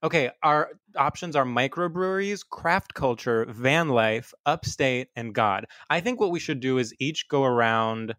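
A man hosting a comedy podcast, steering the talk with deadpan jokes in casual chat. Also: medium pitch, unhurried, few pauses, dry recording. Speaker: podcast host.

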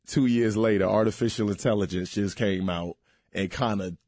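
A comedian talking in a casual interview, loose and slangy with lively restarts, recorded on a studio mic. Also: male voice, on the low side, normal speed, dry recording. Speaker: comedian guest.

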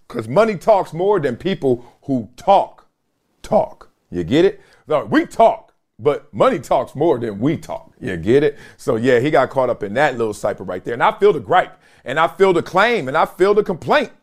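A middle-aged man delivers casual sports commentary on his own show, full of slang and quick laughs as he talks straight to his audience. His voice sits a little high and swings widely up and down as he riffs. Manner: animated, slangy, laughs often, talks to viewers.

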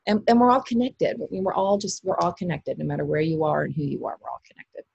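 A woman with a low, gravelly, slightly husky voice talks through an interview in a loose, rambling way, full of fillers and restarts. The sound is dry and close. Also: expressive, fast, darkish tone, dry recording, lo-fi sound. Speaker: actress guest. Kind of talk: casual interview chat.

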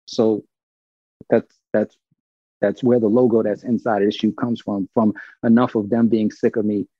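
A man from Brooklyn, telling a story in casual, animated talk and acting out the other people's lines. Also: on the low side, normal speed, husky, no echo, muffled recording. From Brooklyn, New York. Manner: animated, acts out quoted dialogue, swears freely.

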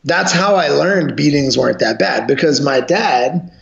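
Gravelly, blunt-talking man in an echoey room. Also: fairly high pitch, expressive, unhurried. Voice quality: profane, blunt storytelling. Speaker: guest, jiu-jitsu gym owner and coach. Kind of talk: casual podcast conversation. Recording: echoey room, dull lo-fi sound.

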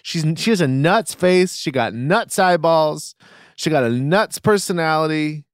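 A man co-hosting a podcast in casual chat, tossing off wry, joking quips. His fairly high, smooth voice moves expressively. It is recorded close and dry. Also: lively intonation, a little slow, no room sound. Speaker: podcast co-host.

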